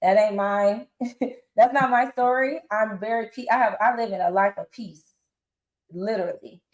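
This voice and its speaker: Her medium-pitched voice keeps a moderate pace, and the rough recording sounds reverberant. A reality show guest in her forties, she tells her story with blunt, casual slang in a candid interview. She's animated, acting out the lines other people said.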